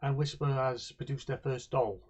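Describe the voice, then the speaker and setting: Game master, a man with a husky voice, halting narration. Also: medium pitch, steady tone. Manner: hesitant, restarting narration.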